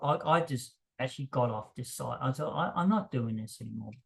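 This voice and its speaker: Man vlogging off the cuff; frank, emphatic, pitch leaps up when heated. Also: expressive, brisk, vocal fry, a bit bright. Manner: emphatic, voice jumps higher when worked up; frank, blunt, self-deprecating. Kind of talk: unscripted monologue to camera.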